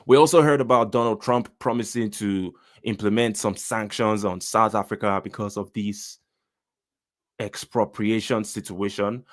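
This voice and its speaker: A man with a Nigerian accent gives opinionated political commentary in a low, grounded voice. He talks emphatically and directly, often turning to address his audience. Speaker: commentary channel host.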